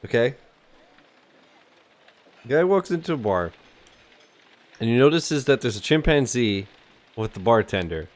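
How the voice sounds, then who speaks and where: A man's voice: mid-range voice, lively intonation, unhurried, pauses often. Joking male streamer reading a game aloud. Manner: joking, rambling, profane asides.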